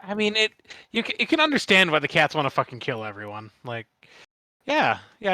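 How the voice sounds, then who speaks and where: A man with a Midwestern accent, co-hosting a casual podcast chat, halting and swearing casually. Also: a little high, huge pitch swings, pushed and bright, dry recording. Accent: Midwestern American. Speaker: guest host.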